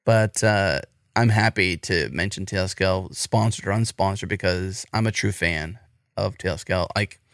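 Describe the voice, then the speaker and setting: Low-voiced American podcast host, dry sound. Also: male voice, moderate pace, a bit bright, no room sound. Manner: rambling, enthusiastic, lots of restarts. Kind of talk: casual podcast chat.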